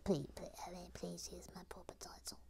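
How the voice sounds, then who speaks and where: A woman's voice: on the low side, steady tone, brisk, gravelly, warm tone, husky, heavily acted. A woman voicing a fussy, self-important female professor who insists on her proper title, in whispered role-play. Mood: prim.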